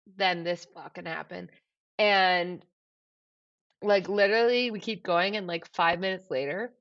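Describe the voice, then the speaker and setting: A woman co-hosting a podcast in casual chat, animated and laughing often, swearing freely. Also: lowish voice, measured pace, long pauses, dull audio. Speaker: podcast co-host.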